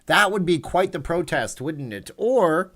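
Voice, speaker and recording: A man's voice: on the high side, animated, measured pace, fairly bright tone. Chatty man hosting a livestream. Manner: rambling, reads chat aloud, chatty asides. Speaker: livestream host. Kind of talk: casual livestream chat.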